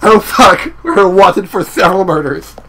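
A young man giving excitable let's-play commentary, swearing, laughing and yelling apologies over game audio. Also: sits high, a little slow, a little hiss or hum. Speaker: gaming channel host.

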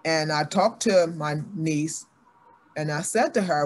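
Taking it slowly in a low-pitched voice, an older woman who is a guest athlete earnestly tells the story of her life. She stays animated throughout, mimicking her family members' voices in the stories.

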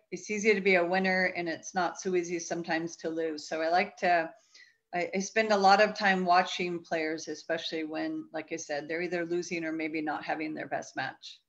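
Low-voiced woman on muffled call audio. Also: a bit bright. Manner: reflective, chatty, frequent fillers. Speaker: volleyball coach, guest. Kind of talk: casual interview talk.

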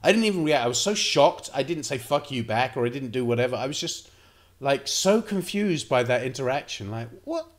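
A man's voice: medium pitch, animated, brisk. A man vlogging, telling rambling and profane anecdotes in a casual storytelling style.

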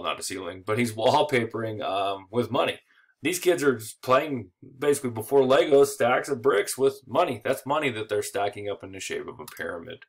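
A man giving an informal history lecture, casual and joking, with filler words and small chuckles. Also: lowish voice. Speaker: history teacher.

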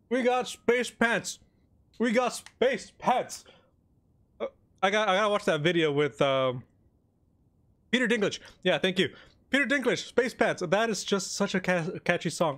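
Excitable high-voiced young man gaming. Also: measured pace, pauses often. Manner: excitable, joking, talks while eating. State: mouth full of cookie. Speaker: gaming YouTuber. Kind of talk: casual gameplay commentary.

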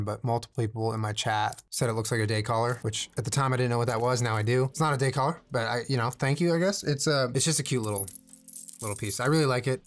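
A young man casually chatting in a vlog, rambling with jokey, self-deprecating asides as he shows off his jewelry. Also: medium pitch. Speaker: streamer showing his jewelry. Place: indoors at home, on camera.

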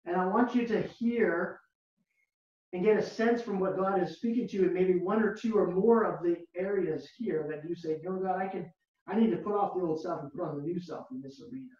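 A pastor preaching a sermon slowly and emphatically, repeating key words and asking the listeners rhetorical questions. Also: mid-range voice, a little mellow. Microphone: video call, far from the mic. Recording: very echoey, distant, dull lo-fi video call audio.

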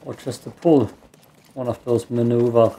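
A man's voice: mid-range voice, fairly even intonation, moderate pace, dark tone. A man with a German accent, a native German speaker, giving rambling, self-mocking let's play commentary and cursing at the game. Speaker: gamer.

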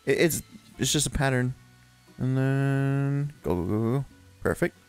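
A man's voice: medium pitch, a little slow, smooth, soft background music. A young man co-hosting casual gameplay commentary, laughing often, swearing and bossily teasing his partner. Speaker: co-host of gaming commentary.

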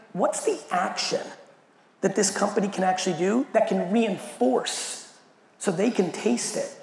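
A man gives an animated, profane keynote on stage, with a high, gravelly voice. His voice carries a long hall echo over faint background noise. He acts out every quoted line as he tells his story. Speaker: keynote speaker. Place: large event hall.

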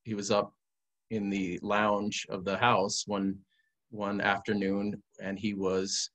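A man sharing a personal testimony as a guest, in an animated, conversational way with frequent restarts. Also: on the low side, slow. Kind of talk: casual testimony storytelling.

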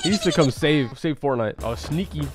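A young man reacting to game clips in excited, slangy commentary, laughing often and calling everyone bro. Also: on the high side, normal speed. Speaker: reaction video host. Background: game clip audio and music playing.

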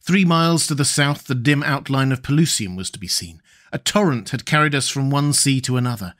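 A man narrating a classic adventure novel as an audiobook reader in a measured, steady way. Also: medium pitch. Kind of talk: scripted narration.

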